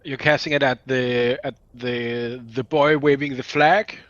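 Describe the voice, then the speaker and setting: A man's voice: mid-range voice, fairly even intonation, a little slow, a bit bright. A hesitant man serves as dungeon master, stopping and restarting often as he checks the rules. His mic sounds dull and lo-fi. The room gives almost no echo. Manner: hesitant, many fillers and restarts. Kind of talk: running a tabletop game.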